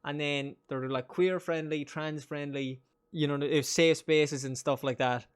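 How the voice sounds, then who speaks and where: A man's voice: a little high, steady tone, normal speed, clear, resonant tone. A man with a County Monaghan Irish accent, chatting casually and rambling while he streams a game, swearing and laughing often. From Ireland. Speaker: gaming streamer.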